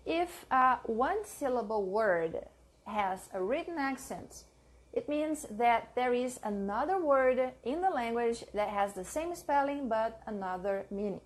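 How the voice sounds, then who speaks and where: Young woman teacher, slightly high voice, deliberate pace, drills each example word. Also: expressive. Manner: slow, careful, repeating each example word. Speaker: language teacher. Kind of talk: reading a pronunciation lesson aloud.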